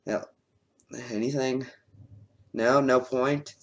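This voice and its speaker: A man's voice: medium pitch, steady tone, slow pace. A man giving casual, sarcastic commentary while reacting to video clips, with lots of filler words.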